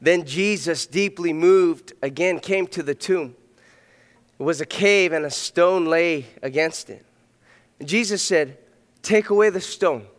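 A man preaching a sermon as pastor, earnest, swinging between loud emphatic passages and soft hushed ones. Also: on the high side, a little slow. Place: church sanctuary. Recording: long reverb of a hall.

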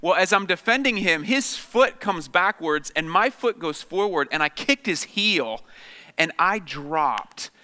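A man's voice: high voice, lively intonation, unhurried, sharp tone. A man in his thirties, a guest speaker telling humorous, self-deprecating personal stories to an audience, with many fillers. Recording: long reverb of a large hall.

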